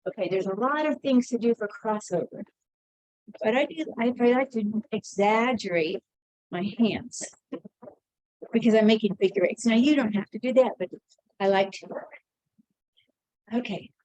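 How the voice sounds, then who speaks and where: On the high side with a darkish tone, a woman speaks at normal speed with long pauses as she walks through an energy routine, narrating her movements a little out of breath. It's a chatty, encouraging, casual demonstration, recorded roughly with no room sound.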